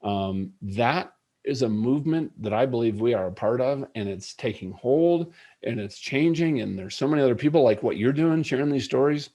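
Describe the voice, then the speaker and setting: A man's voice: medium pitch, expressive, normal speed, mellow. Earnest middle-aged man telling a story. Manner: earnest, reflective, with many fillers. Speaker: podcast guest, leadership coach. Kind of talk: conversational storytelling interview.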